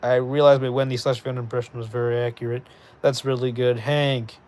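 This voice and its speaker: A man streaming live, chatting casually with his viewers and reading their messages aloud in animated bursts. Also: mid-range voice, brisk, a little hiss or hum. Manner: animated, reads chat aloud, excitable bursts. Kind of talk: casual livestream chat.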